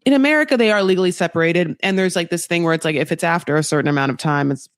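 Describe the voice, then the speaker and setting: A woman's voice: fairly low pitch, very fast, no room sound, clean studio sound. A woman hosting a podcast, recapping reality TV in a chatty, gossipy way, full of asides and quoted voices. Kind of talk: casual chat.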